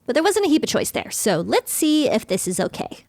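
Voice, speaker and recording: A woman's voice: fairly high pitch, sing-song, fast talker, hardly any pauses, over music. A young woman hosting a gaming channel, bubbly and wry as she narrates her play and reads characters' lines aloud. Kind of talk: playing and narrating a game.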